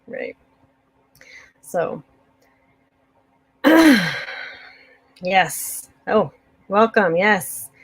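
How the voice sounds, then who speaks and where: Answering comments from her viewers, the host of a preparedness channel keeps things light and upbeat, laughing frequently. Her voice sits at a medium pitch.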